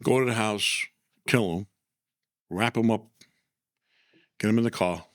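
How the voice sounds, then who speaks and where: A man tells a story in casual chat. He is animated and keeps circling back with "right?" and repeated phrases. His voice is recorded close and dry, with no room sound. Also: lowish voice, a little slow, no room sound. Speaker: former mobster guest.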